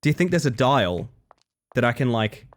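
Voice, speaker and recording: A man's voice: mid-range voice, sing-song, moderate pace. Australian man chatting on a livestream. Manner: rambling, self-interrupting, casual swearing. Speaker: game streamer. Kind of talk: casual live-stream chat.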